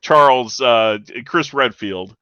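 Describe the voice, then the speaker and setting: A middle-aged man co-hosting a podcast in casual chat, laughing along and answering with quick agreement. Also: mid-range voice, sharp tone, smooth, dry recording, muffled recording. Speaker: podcast co-host.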